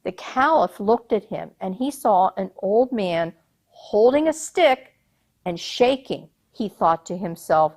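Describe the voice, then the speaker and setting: Unhurried woman storyteller. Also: medium pitch. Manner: expressive, unhurried, asks listeners questions. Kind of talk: telling a folk tale to an audience.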